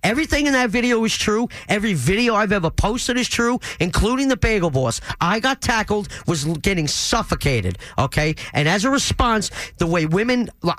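A man's voice: high voice, a bit bright, dry recording. A man, a radio show guest, defending himself with stiff formal apologies in a heated studio argument.

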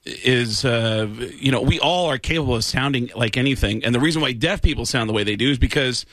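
A man from the Bronx, an impressionist, telling stories in an animated way in casual chat. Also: medium pitch, brisk, dry recording. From the Bronx, New York. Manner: animated storytelling, shouting quoted voices. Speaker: impressionist guest.

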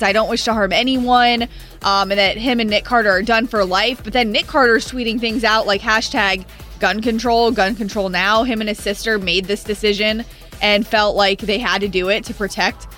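A woman co-hosting a morning radio show, chatting through entertainment news in an earnest, expressive way. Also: mid-range voice, normal speed, soft background music.

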